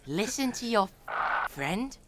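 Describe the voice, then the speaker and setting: A woman's voice: a little high, sing-song, slow, noisy background. A woman voicing a crude, cocky boy street kid in a video game who taunts and mocks. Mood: taunting.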